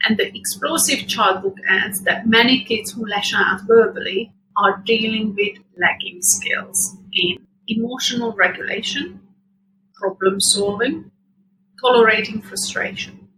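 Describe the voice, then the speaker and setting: A woman hosting a parenting show, giving scripted advice in a calm, measured, reassuring way. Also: fairly high pitch, slight background noise, poor audio. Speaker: podcast host.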